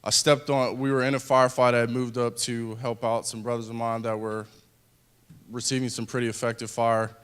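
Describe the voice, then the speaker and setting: A man in his thirties, a wounded veteran, giving an earnest personal speech to an audience, speaking haltingly with restarts. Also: medium pitch, level tone, smooth.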